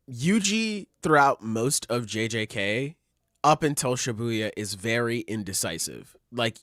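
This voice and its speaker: A man's voice: on the low side, dry recording, clean studio sound. A young man co-hosting a podcast, talking casually and animatedly, acting out character quotes and saying "like" a lot. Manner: animated, acts out quotes in voices, says like a lot. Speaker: podcast co-host. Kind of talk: casual chat.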